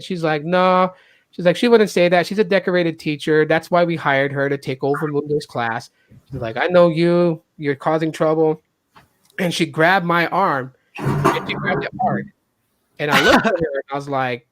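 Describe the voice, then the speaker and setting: A man with an animated way of telling a story, who acts out the people he quotes. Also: normal speed, dry recording. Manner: animated, acts out quotes with jumps in pitch and loudness. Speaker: podcast host. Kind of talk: casual storytelling.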